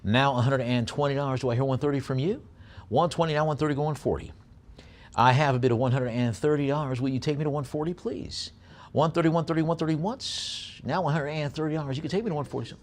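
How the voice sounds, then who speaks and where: A man working as an auctioneer, calling bids briskly and slowing down, with many "uh" pauses, to describe each piece. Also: fairly high pitch. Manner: brisk bid calling between slower item descriptions; many filler pauses when describing items.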